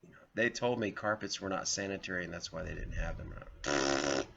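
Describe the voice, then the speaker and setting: A man's voice: sits low, animated, moderate pace, vocal fry, a bit bright, slight background noise. A man hosting his own vlog, telling rambling personal stories and talking straight to viewers as folks. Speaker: vlogger, show host. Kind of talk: casual storytelling monologue. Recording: slightly dull lo-fi audio.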